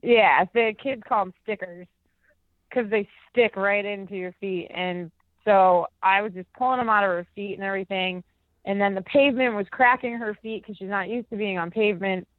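A woman's voice: mid-range voice, steady tone, moderate pace, dry recording. A young woman telling a story in a casual phone interview, rambling and filler-heavy, using lots of "like". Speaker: interview guest. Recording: tinny dry phone line.

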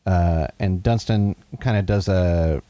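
A man co-hosting a podcast in casual chat, recapping scenes in a wry, deadpan way. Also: deep voice, takes it slowly. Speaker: podcast co-host.

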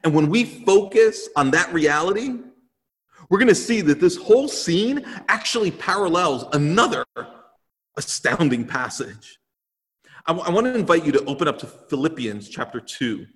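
Speaking at a normal speed, a man with a higher-pitched voice and big swings in pitch gives a sermon in a church sanctuary. As the pastor, he is earnest and emphatic, repeating phrases. Long hall reverb colors the recording.

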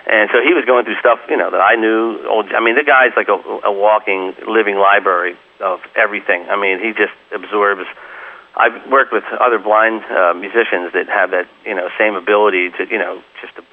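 A man's voice: fairly low pitch, fairly even intonation, a little fast, narrow, tinny audio. A man being interviewed as a guest musician, telling long rambling anecdotes full of "you know" and acting out the voices of people he quotes. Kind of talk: casual interview storytelling.

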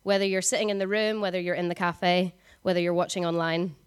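Fast-talking young woman preaching. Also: fairly low pitch, steady tone, smooth. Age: 20s. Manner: fast talker, frequent ums. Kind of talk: conversational sermon. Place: church service.

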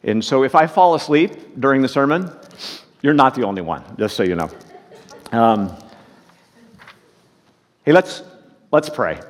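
A man's voice: medium pitch, animated, measured pace, long pauses. Folksy male pastor preaching in a hall. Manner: folksy, joking storyteller. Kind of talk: sermon.

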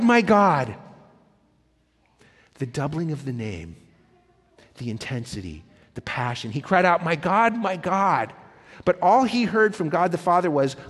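A male pastor preaching with passion, his fairly high voice rising to loud emphatic peaks and dropping to a hush. The room gives a long, ringing reverb. His delivery is a heartfelt Sunday sermon. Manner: impassioned, wide swings from loud to hushed.

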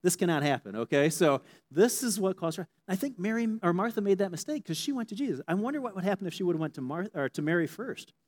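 A pastor preaching a sermon in a conversational, animated way, often checking in with his listeners. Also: sits high, quick pace, hardly any pauses.

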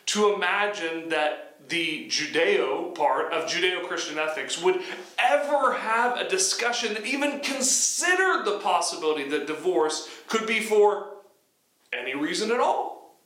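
High, bright-voiced man preaching in an echoey room. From United States. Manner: conversational with frequent restarts. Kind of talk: sermon teaching.

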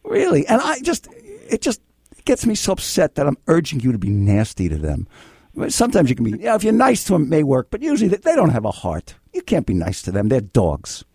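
An older man hosting a call-in legal advice radio show, blunt and excitable, swinging between yelling and calm. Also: a little high, a little fast, slightly rough, dry recording, studio quality. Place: radio studio.

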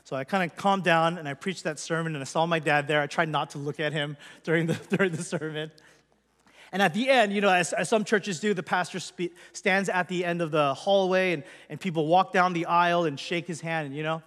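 A man's voice: fairly high pitch, a little fast, fairly bright tone. A male pastor telling his personal testimony to a congregation in an earnest, conversational way. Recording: long hall reverb.

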